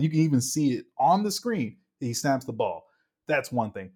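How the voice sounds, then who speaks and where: Young male co-host, casual football chat, excitable, mid-range voice. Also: medium pitch, fairly quick. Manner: animated, gets worked up, acts out quotes. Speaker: podcast co-host.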